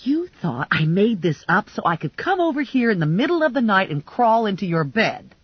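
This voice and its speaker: A woman reading an audiobook, voicing a frazzled young woman bounty hunter who turns shrill and self-mocking. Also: very animated, moderate pace, husky, dry recording. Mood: indignant. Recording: dull lo-fi dry recording.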